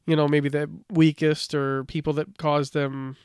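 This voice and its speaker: Smooth, higher-voiced man telling lore casually. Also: measured pace, no echo, studio quality. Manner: relaxed storytelling, reads from notes, many "like" fillers. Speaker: podcast co-host. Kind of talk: casual chat.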